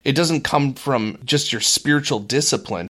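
In a laid-back faith podcast, the male co-host tells his own story in earnest, doing impressions of other people's voices. He has a mid-range voice with a sharp tone and a moderate pace.

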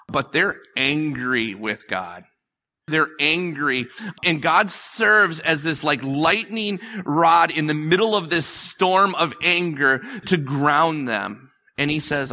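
A man's voice: a little high, lively intonation, measured pace, bright, forceful tone. A male pastor preaching a conversational sermon, repeating phrases and acting out quotes.

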